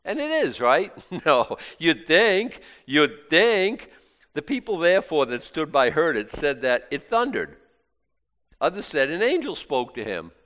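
A man preaching a sermon in a conversational way, swinging from loud exclamations to quiet asides and often restarting his words. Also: a little high, big pitch swings, unhurried.

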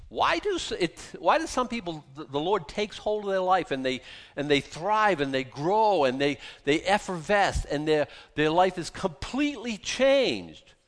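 A man preaching a sermon as pastor, animated and emphatic, repeating key phrases for weight. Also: a little high.

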